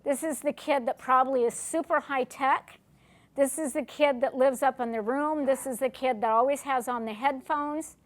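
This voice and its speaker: Middle-aged woman lecturer, slightly high voice, conversational teaching style that poses questions to the room. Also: fairly even intonation, moderate pace. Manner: asks the audience questions, acts out short dialogues. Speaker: lecturer on family recovery. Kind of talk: classroom lecture.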